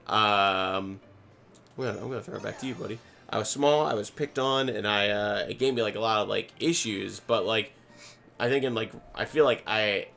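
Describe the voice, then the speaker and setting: Bright-voiced rambling young man. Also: mid-range voice, creaky. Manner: rambling storyteller, heavy use of "like", many restarts. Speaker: podcast co-host. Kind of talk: casual chat while gaming.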